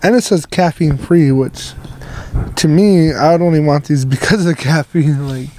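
Young male co-host, casual and profane, a bit high-pitched with a mellow tone. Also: normal speed, slight background noise, poor audio. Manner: rambling, profane, heavy on filler words. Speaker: podcast co-host. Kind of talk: casual chat.

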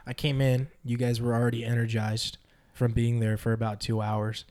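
A man's voice: mid-range voice, completely flat delivery, normal speed, a little mellow. A young man as a guest in a casual chat, laid-back and dryly joking.

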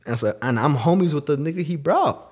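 A man's voice: on the high side, animated, a little fast, darkish tone, slightly rough. A young man co-hosting a podcast, telling a story in casual slang and acting out the people he quotes. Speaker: podcast co-host.

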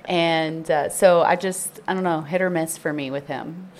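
A woman's voice: sits low, fairly even intonation, moderate pace. A middle-aged woman chatting casually as a co-host, talking about herself with self-deprecating humor. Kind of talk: casual chat.

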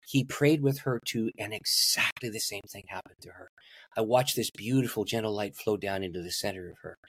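A man's voice: fairly low pitch, a little fast, fairly bright tone, slightly rough, dry recording, clean studio sound. A man, a pastor and guest, telling a story in an interview and laughing at his own stories.

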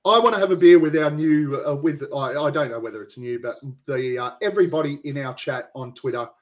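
A man's voice: medium pitch, brisk. An Australian man hosting a podcast, laughing and swearing through casual banter. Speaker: podcast host. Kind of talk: casual chat.

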